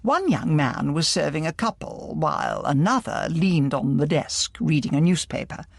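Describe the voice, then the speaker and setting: A narrator reading an audiobook in a lively, expressive way, with a gravelly voice. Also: mid-range voice, moderate pace, no room sound, studio quality.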